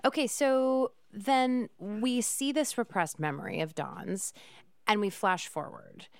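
A woman's voice: medium pitch, takes it slowly, gravelly, smooth, no echo, clean studio sound. A woman hosting an upbeat podcast interview, enthusiastic and chatty. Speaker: podcast host.

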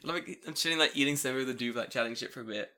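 Young man, podcast co-host, bright tone, casual storytelling, swears a lot. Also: mid-range voice, racing. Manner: animated, swearing, laughing storyteller.

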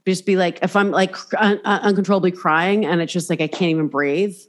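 Candid, animated woman podcast host. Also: fairly low pitch, fairly quick. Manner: candid, swears freely, animated storytelling. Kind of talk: casual chat.

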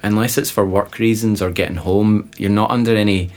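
A man, a guest on an interview podcast, telling lively travel anecdotes in a casual way with laughing asides. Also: on the low side, brisk. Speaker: interview guest, presenter and explorer. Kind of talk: casual storytelling.

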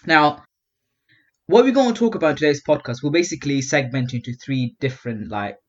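A man's voice: on the high side, lively intonation, a little fast. Laid-back young man, slightly muffled. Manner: laid-back, teasing, slangy. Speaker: podcast co-host. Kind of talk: casual podcast chat. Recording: slightly dull, lo-fi sound.

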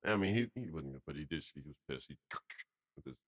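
A man co-hosting a casual podcast, telling sales stories in an animated way and acting out the people he quotes. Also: rumbling low, fairly quick, no echo. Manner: animated storyteller, acts out quotes in a raised voice. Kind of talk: casual storytelling chat.

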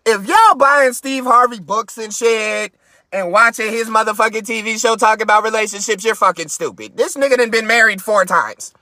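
A man hosting a live stream, ranting in a profane, mocking way from his car and sometimes breaking into shouts. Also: sits high, moderate pace, dry recording. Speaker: podcast host.

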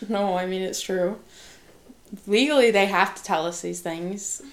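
A young woman from Wisconsin talks in a relaxed, chatty way as she co-hosts a podcast. She is frank and laughs easily. Her voice sits at a middle pitch. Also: measured pace. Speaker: podcast host, social worker. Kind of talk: casual podcast chat.

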